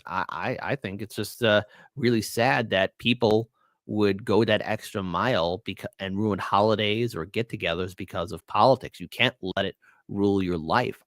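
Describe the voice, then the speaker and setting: A lower-pitched man chatting on a live podcast, telling personal stories with lively swings, his voice shooting up when he gets indignant. The sound is dry and close, with almost no room around it. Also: normal speed, no echo. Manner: animated storyteller, voice jumps up when indignant. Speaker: guest co-host. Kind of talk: casual political podcast chat.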